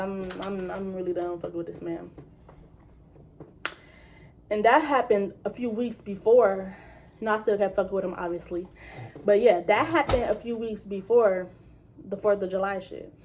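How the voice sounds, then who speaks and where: A woman's voice: mid-range voice, a little hiss or hum. Young woman telling a casual, profane story. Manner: casual, profane, animated retelling with quoted voices. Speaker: vlogger. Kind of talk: storytime vlog.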